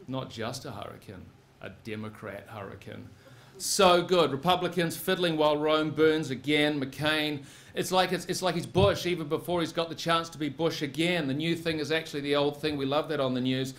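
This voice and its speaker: A man's voice: fairly high pitch, normal speed, a bit bright. A man telling a live story on stage in the second person, with a wry, punchy delivery. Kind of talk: live spoken-word storytelling.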